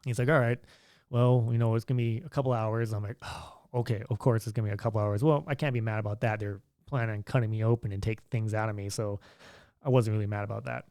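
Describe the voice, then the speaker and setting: A man's voice: fairly low pitch, fairly even intonation, fast, mellow, no room sound, studio quality. A young man telling a story in a laid-back, chatty way, acting out what others said. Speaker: vlogger. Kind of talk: casual storytelling.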